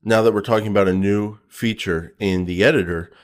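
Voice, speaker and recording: A man's voice: on the low side, steady tone, brisk. A man co-hosting a podcast, chatting casually with a joking, teasing manner. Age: adult with a young son. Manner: joking, teasing, playful banter. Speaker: podcast co-host.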